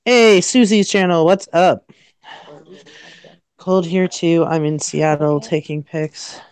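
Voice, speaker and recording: A woman's voice: on the low side, fairly even intonation, takes it slowly, a little mellow, clean tone. A woman from Canada hosting a casual livestream chat from outdoors in freezing weather, shivering and stuttering from the cold and laughing at herself as she jokes. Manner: giggly, self-mocking, joking. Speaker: livestream host.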